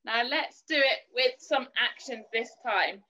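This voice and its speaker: A woman leading a gentle children's worship lesson, teaching in a soothing sing-song voice and singing simple lines for children to repeat. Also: on the high side, a little slow, a little hiss or hum. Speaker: children's church leader. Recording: dull lo-fi recording.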